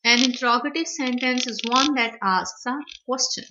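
A woman's voice: fairly high pitch, moderate pace, background noise. A woman teaching a grammar lecture, explaining step by step and repeating her points. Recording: dull lo-fi recording.

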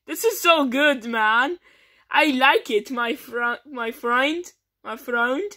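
A woman rambles through a homemade comedy skit, voicing toy characters off the cuff. Her voice sits somewhat high, and she talks slowly, with plenty of stumbles and restarts. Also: pushed and bright. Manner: goofy, rambling, many false starts.

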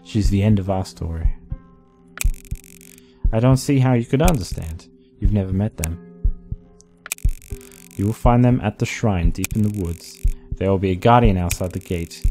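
A man voicing an eerie young boy, reading game dialogue aloud in a soft, earnest, raised voice. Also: deep voice, moderate pace, pauses often, faint music behind.

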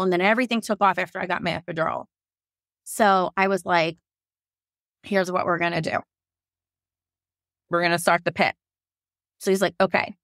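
A woman in her thirties telling her own story in a casual, animated way, quoting herself and others and laughing often. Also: fairly low pitch, dry recording, studio quality. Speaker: podcast guest telling her birth story.

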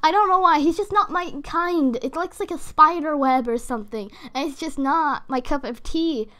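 A woman with a high, bright voice chatting through a casual reaction video. She rambles along full of fillers, gushing and getting excited as she goes. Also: normal speed. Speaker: gaming YouTuber.

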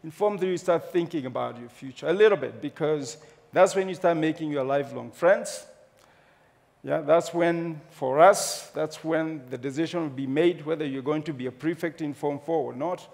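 A man with a Kenyan accent telling a humorous, animated personal story to an audience. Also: fairly high pitch, normal speed, creaky. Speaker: speaker. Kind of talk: storytelling talk on stage. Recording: long hall reverb.

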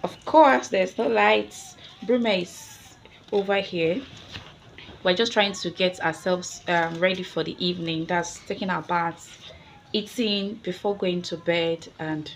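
A young Nigerian woman with a husky, slightly hoarse voice vlogging at home, chatting to her viewers while she coaxes and instructs her toddler. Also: lowish voice, slow, a little hiss or hum. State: hoarse after a sore throat. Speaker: family vlogger and mother. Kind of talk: casual chat to camera. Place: at home indoors. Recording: background music under the voice.

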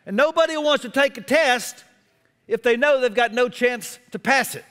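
A middle-aged man preaching a sermon as pastor, expressive, with self-deprecating humor. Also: very high voice, moderate pace, in a large hall.

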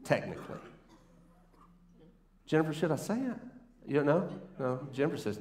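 A man's voice: medium pitch, big pitch swings, moderate pace, pauses often, a little mellow. A man preaching a sermon from a church stage, playful and conversational, teasing the congregation as he talks. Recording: roomy church echo.

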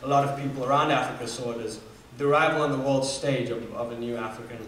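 Telling a personal story as a student speaker, a young Namibian man in his 20s talks at a quick pace with a steady, mid-range, slightly bright voice. He's earnest, using fillers and restarts. The echoey hall recording is taken from far off, with slight background noise.

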